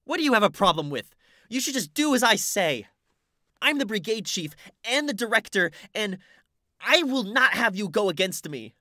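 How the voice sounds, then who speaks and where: A man's voice: on the high side, very animated, a little fast, dry recording, studio quality, voice pushed up. A man voicing a domineering teenage girl who leads a school club, in an audiobook reading. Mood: bossy. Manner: loud, commanding, demanding.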